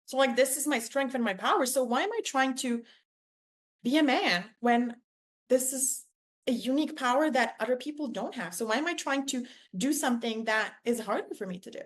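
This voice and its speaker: At a normal speed, a young podcast host with a high voice and lively intonation tells a personal story. She's effusive, relies heavily on "like," and performs the voices in the quotes she recounts.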